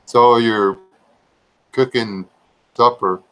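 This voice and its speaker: A man with a drawl talks casually on a livestream. His chat rambles along in an easygoing, folksy way, with a voice of ordinary middle pitch. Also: fairly even intonation, very slow, a bit bright, rough recording. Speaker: livestream regular.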